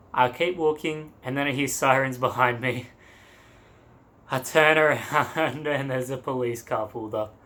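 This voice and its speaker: A young man tells a travel story to his camera in a casual, rambling style, breaking into laughs and throwing in crude asides. His voice sits at an ordinary middle pitch. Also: a bit bright. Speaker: travel vlogger.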